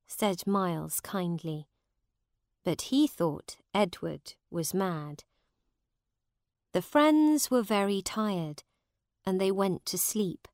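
A woman reading a simple story aloud in a clear, measured way. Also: mid-range voice, expressive, no echo, studio quality. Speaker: reader. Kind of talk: slow storybook narration for learners.

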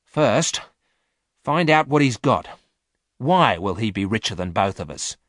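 A man plays a greedy space thief woman, sharp and excitable, his voice pushed high and bright with big leaps. The recording is dry and close, like an audiobook. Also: a little slow, dry recording.

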